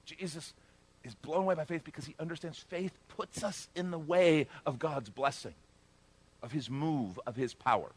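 A middle-aged male pastor giving a conversational sermon, joking in asides and swelling loud for emphasis. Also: a little high, moderate pace, breathy edge.

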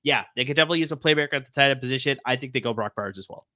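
Fast-talking bright young man. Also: medium pitch, no room sound. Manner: quick, chatty, laughs often. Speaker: co-host of a sports podcast. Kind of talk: casual sports chat. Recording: dull lo-fi mic.

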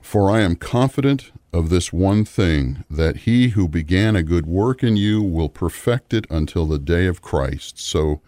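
A man's voice: low voice, lively intonation, a little slow, few pauses, warm tone, no room sound, studio quality. A middle-aged man teaching the Bible on a radio program, guiding listeners through passages and reading verses aloud.

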